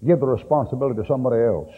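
A man's voice: mid-range voice, very fast, husky. A middle-aged man preaching a sermon in a blunt, folksy way, cracking jokes as he goes. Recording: old tape, tinny and echoey hall.

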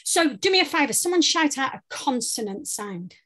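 A British woman leading a guided vocal warm-up workshop, giving playful, encouraging instructions. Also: high voice, big pitch swings, normal speed. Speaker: voice workshop leader.

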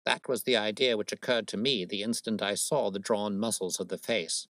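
A sharp, cool-headed detective, as a man puts him on in a storybook reading, laying out his reasoning with dry precision. The voice stays low and close, with a dead, dry sound and no room around it. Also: fairly even intonation, moderate pace, dry recording, natural voice. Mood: lecturing.

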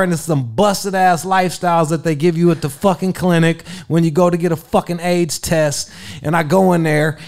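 A man telling a crude story in casual chat, swearing constantly and acting out quotes in a raised voice. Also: fairly high pitch. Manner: profane, animated, acts out quotes in a raised voice. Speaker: radio personality and interview guest.

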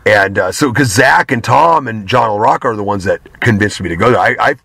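A man speaking as an interview guest, candid and loose, drifting from point to point and swearing in passing. His voice is bright and forceful. The sound is dry, with no room around it. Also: fairly low pitch, a little fast, creaky, breathy edge, no room sound. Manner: candid, rambling, swears casually. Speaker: guest, pro wrestler. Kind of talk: casual interview talk.

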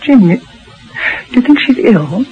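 A woman's voice: a little high, very animated, measured pace, a little hiss or hum. A woman playing an anxious young mother who narrates her fears in a dated radio drama, speaking nervously and hesitantly. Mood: worried. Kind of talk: 1950s radio drama acting. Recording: dull old radio recording.

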